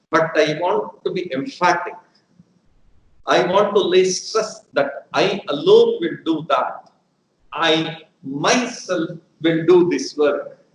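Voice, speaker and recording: Slow, high-voiced teacher. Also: male voice, expressive. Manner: deliberate, repeats examples for emphasis. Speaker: English teacher. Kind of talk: live educational lecture. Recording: roomy echo with faint room hum.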